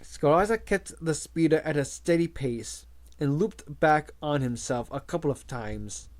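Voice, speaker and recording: A man reading a novel aloud as an audiobook, measured and expressive. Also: a little high. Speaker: audiobook reader.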